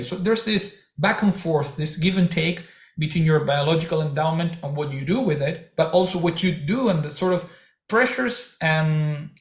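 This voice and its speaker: A man being interviewed as a researcher, giving careful, halting academic explanations. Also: on the high side. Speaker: researcher guest. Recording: echoey room.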